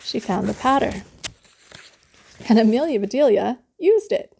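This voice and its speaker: A woman reading a children's bedtime story aloud in a gentle, unhurried way. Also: on the high side, expressive, creaky, slight background noise.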